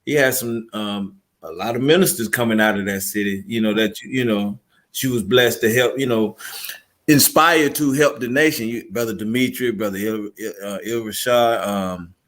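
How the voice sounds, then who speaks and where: Low-voiced encouraging man. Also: moderate pace, fairly bright tone. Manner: encouraging, affirming. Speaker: prayer line caller.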